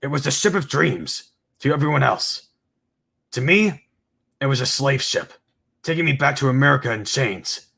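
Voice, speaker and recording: A man's voice: mid-range voice, normal speed, vocal fry, long pauses, pushed and bright, husky, voice pushed up, heavily acted. A man voicing a young rich woman who feels trapped, speaking in an anguished, dramatic way. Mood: bitter.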